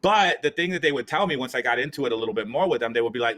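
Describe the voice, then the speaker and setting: A man from the US East Coast co-hosting a political podcast, animated in casual talk and acting out people's voices in his stories. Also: medium pitch, rapid-fire, hardly any pauses. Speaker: podcast co-host.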